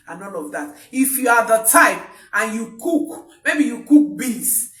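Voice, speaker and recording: A woman's voice: on the high side, lively intonation, measured pace, few pauses, a bit bright. Woman, parenting coach, emphatic, repetitive, live-streamed talk, echoey room, distant mic. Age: adult parent. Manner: emphatic, repeats key points.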